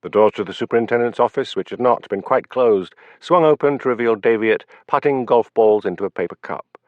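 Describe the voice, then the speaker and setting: A male narrator reading a crime novel aloud in an expressive storytelling manner. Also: medium pitch, a little fast, no room sound. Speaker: audiobook narrator. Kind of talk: audiobook narration. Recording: dull lo-fi audiobook file.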